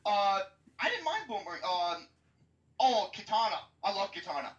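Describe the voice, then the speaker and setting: A young woman co-hosting a podcast in casual movie chat, excitable and profane, ranting with lots of energy. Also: medium pitch, moderate pace. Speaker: podcast co-host. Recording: dull, roomy, distant mic.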